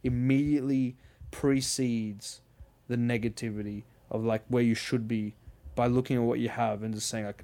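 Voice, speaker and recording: A man's voice: mid-range voice, normal speed. A man hosting a podcast, chatting casually and telling rambling stories with swearing and filler words. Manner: rambling, swearing, animated storytelling. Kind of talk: casual chat.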